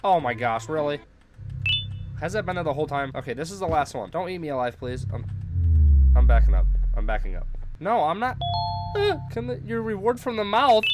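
A high-pitched man with a wildly swinging voice plays a horror game, scolding his companion drone and breaking into frantic, shrieking panic when chased. Game music runs behind him. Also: lively intonation, fairly quick, pauses often. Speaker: gaming YouTuber. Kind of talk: horror game let's play commentary.

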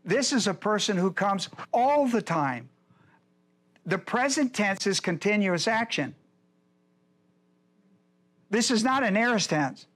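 A man's voice: high voice, expressive, slow, pauses often, fairly bright tone. A male pastor teaching a Bible lesson, emphatic and repetitive, speaking straight to his class. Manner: emphatic, repeats points, addresses the class directly.

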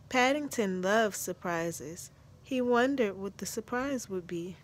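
A woman reading a children's story aloud in a gentle, measured storytelling manner. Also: mid-range voice, expressive. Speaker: storybook narrator.

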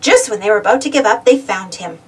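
A woman narrating a children's storybook aloud, expressive, with a distant mic. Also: medium pitch, fast, husky. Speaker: storybook reader.

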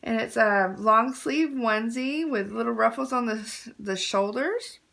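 A woman's voice: a little high, a little slow, vocal fry, a bit bright. A young woman talking baby talk to a doll, doting and sing-song, repeating words over and over. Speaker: vlogger playing with a baby doll.

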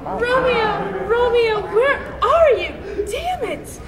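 A woman playing a sassy young Juliet in an improv skit, teasing and shrill. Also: lively intonation, slow, heavy background noise, exaggerated voice. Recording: echoey hall from far off with loud crowd.

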